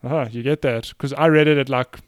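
A man's voice: mid-range voice, steady tone, brisk, dry recording, studio quality. Chatty man co-hosting a podcast. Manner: chatty, hesitant, laughs often. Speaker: podcast co-host. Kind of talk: casual chat.

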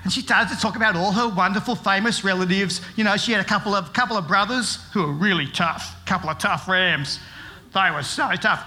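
A man's voice: high voice, fairly quick, sharp tone. A middle-aged man giving a playful children's talk at a church service, telling a story with jokes and asking the kids questions. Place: church service with live audience.

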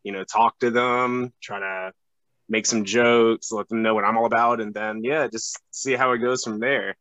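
A young man chatting on a podcast as a guest, halting and full of fillers and restarts. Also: fairly low pitch, steady tone, fairly bright tone, no echo, rough recording. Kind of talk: casual podcast chat.

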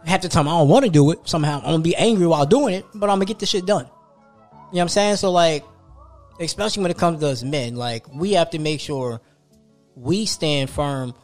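A man's voice: fairly high pitch, a little fast, a little mellow, soft background music. A young man in casual podcast chat, talking earnestly and with slang, often checking in with "you know what I'm saying". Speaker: podcast co-host.

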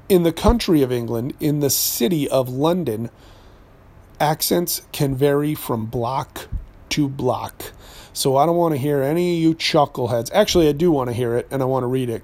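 A man hosts his podcast in a loose, sarcastic rant, full of asides and self-corrections. He grew up in New Hampshire. His voice sits a touch higher than most men's. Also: darkish tone. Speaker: podcast host and voice actor. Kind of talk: ranting podcast monologue.

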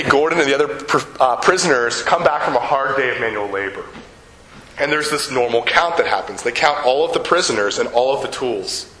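An older man preaching a sermon. He tells a story, slows down on key words and puts questions to the congregation. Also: mid-range voice, sharp tone, echoey room, poor audio. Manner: storytelling, slows down for emphasis, asks the audience questions. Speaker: pastor.

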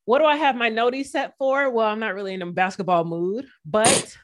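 A woman's voice: fairly high pitch, fairly even intonation, brisk. A woman co-hosting a casual sports podcast, chatty and digressive, joking as she goes. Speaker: podcast co-host.

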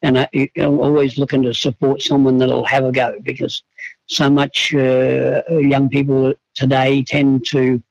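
Halting horseman, slightly muffled. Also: mid-range voice, little pitch movement, gravelly, a little mellow, no room sound. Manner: halting, many restarts and fillers. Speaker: horse trainer guest. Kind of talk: reflective interview talk.

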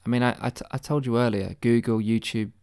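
A man delivering a deadpan satirical conspiracy monologue, mock-earnest and rambling, with stammered restarts and swearing. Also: medium pitch, a little fast.

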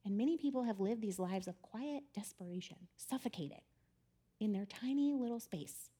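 A woman giving a chatty, animated storytelling talk about faith, often laughing as she speaks. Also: medium pitch, moderate pace, husky.

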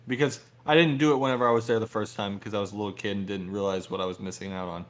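A man's voice: on the low side, fairly even intonation, rapid-fire. A young man from Texas in casual podcast chat, eager and enthusiastic, with some hesitant fillers.

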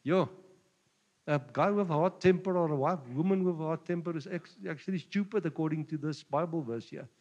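A man with a South African Afrikaans accent preaching a sermon, jovial and quick to chuckle between points. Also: fairly high pitch, a little mellow, long reverb tail, dull audio. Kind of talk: sermon mixing Afrikaans and English.

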